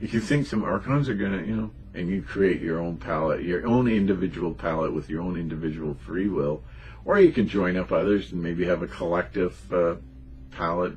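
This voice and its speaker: A man's voice: deep voice, moderate pace, darkish tone. A man delivering a rambling, emphatic, unscripted monologue in a conspiratorial tone as a spiritual channel host.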